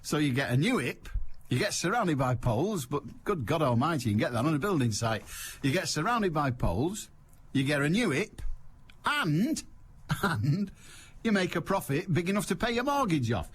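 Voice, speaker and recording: Wry older Mancunian radio host. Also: male voice, fairly high pitch, big pitch swings, moderate pace, husky. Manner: wry, teasing, laughs at his own jokes. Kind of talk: comic radio monologue. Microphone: studio microphone.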